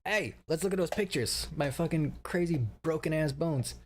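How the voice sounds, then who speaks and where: Streamer dude around 30, chatty and sweary, keeps cracking himself up. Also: male voice, fairly high pitch, moderate pace, background noise. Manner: profane, laughing, rambling. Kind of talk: casual stream update.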